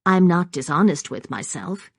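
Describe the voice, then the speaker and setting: A woman voicing a determined young gentlewoman who speaks earnestly and forcefully. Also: lowish voice, expressive, normal speed, no room sound, clean studio sound.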